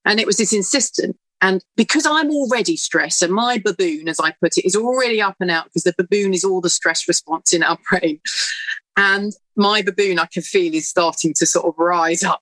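A middle-aged woman, a presenter and author, telling a lively story about her son and giving calm parenting advice. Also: lowish voice, moderate pace, no echo, poor audio. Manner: lively anecdotal, acting out her own inner voice.

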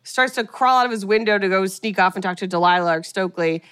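A woman's voice: medium pitch, clean tone, no room sound, clean studio sound. Chatty woman animatedly recapping a film. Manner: animated retelling, voicing characters in quick asides. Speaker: podcast co-host recapping a film. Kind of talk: casual chat.

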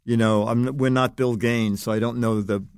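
An older man, a guest on an interview podcast, telling animated anecdotes and acting out other people's lines. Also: medium pitch, normal speed, clear, resonant tone, dry recording, clean studio sound. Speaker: guest, longtime magazine writer.

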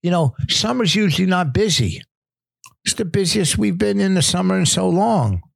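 A man's voice: sits high, lively intonation, normal speed, gravelly, no room sound, studio quality. A man with a lisp, a comedian co-hosting a podcast, talking in a rambling, joking way that drifts off topic. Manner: rambling, joking, easily sidetracked. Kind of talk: casual podcast banter.

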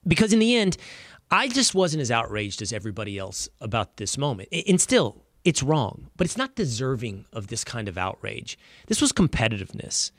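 A male host delivers sports opinion commentary in an emphatic, conversational way. His pitch swings widely as he argues his point. The sound is dry and close, with no room around it. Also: big pitch swings, normal speed, fairly bright tone, dry recording. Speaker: show host.

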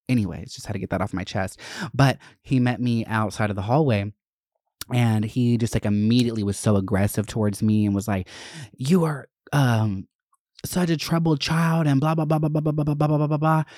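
A man's voice: fairly low pitch, gravelly, a little mellow, dry recording, studio quality. A man hosting a podcast, telling candid, profane stories from his school days in a chatty way. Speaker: podcast host. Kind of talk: casual storytelling.

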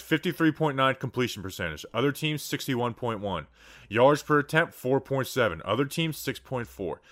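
A man's voice: mid-range voice, fairly bright tone. A man hosting a sports podcast, chatting casually and rambling a little with fillers. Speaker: podcast host.

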